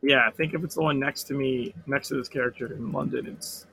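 A hoarse man with a sore throat, chatting and swearing excitedly while playing an online game with friends. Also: medium pitch, a little fast, a little hiss or hum. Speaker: fellow player. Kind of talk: casual gaming chat.

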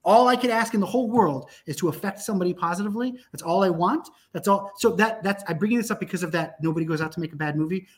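A man's voice: high-pitched, fast, hardly any pauses. A man, a filmmaker guest on a talk show, telling stories in a profane, emphatic way with lots of restarts. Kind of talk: animated casual podcast conversation.

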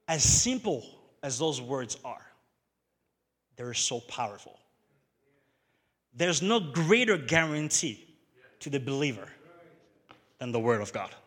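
A man preaching a sermon at a youth service, moving between hushed storytelling and loud exhortation. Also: fairly high pitch, big-room sound.

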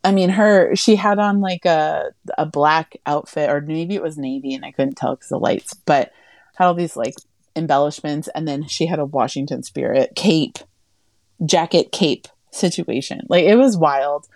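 A woman's voice: normal speed, no room sound, studio quality. A woman co-hosting a podcast, chatting casually and telling stories, acting out what people said with big jumps in her voice. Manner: chatty storyteller, acts out quotes with animated pitch jumps. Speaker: podcast co-host. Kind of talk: casual chat.

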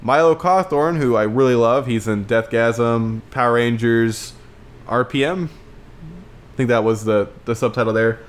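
A man's voice: medium pitch, unhurried. A man giving a casual, enthusiastic film review, rambling and repeating words as he compares movies.

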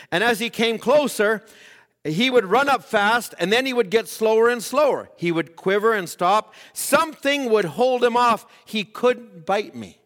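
A man preaching with a high-pitched voice, recounting a story at length and rising into fervent, emphatic cries. His voice rings out with the long reverb of a large hall. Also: a bit bright. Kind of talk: sermon.

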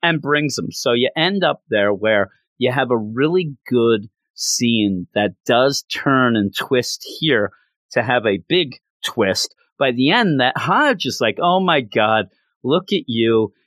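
A man giving a casual recap of a story, animated and often restarting his sentences. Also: medium pitch, takes it slowly, no echo. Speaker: comic book commentator.

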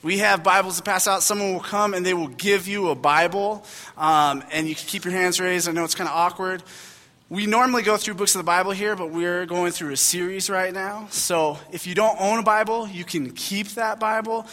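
Young male pastor, bright and high-pitched, casual chatty sermon delivery, reverberant church hall. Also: normal speed. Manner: casual, conversational storytelling with frequent fillers.

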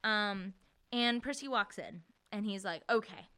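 A young woman co-hosting a casual book podcast, laughing often and acting out characters' lines in quick voices. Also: mid-range voice, bright, forceful tone. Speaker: podcast co-host.

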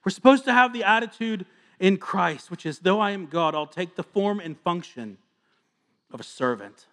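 A man in his thirties preaching a sermon as a pastor, earnest and confessional, moving between hushed asides and fervent appeals. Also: sits high, expressive, normal speed.

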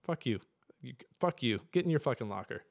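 A young man in a casual podcast chat, his voice sitting at an ordinary middle pitch. He rants profanely and excitably, working himself up into loud bursts before dropping back to an offhand mutter. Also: brisk, vocal fry. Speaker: podcast co-host.

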